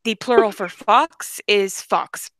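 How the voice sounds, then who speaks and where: Blunt, joking woman with a bright voice. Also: mid-range voice, takes it slowly, no room sound. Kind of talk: casual chat.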